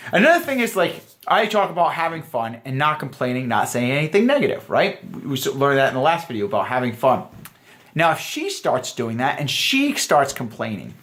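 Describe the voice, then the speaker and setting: Male dating coach, mid-pitched voice, earnest and pushy, lecturing the guys watching. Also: fairly bright tone. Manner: earnest and emphatic, addressing viewers as guys. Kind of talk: direct-to-camera coaching talk.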